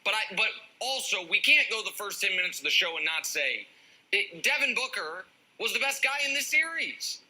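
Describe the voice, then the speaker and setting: A man's voice: high-pitched, sing-song, moderate pace, pushed and bright, rough recording. A male sports analyst making his points on a debate show with wry, sarcastic jokes.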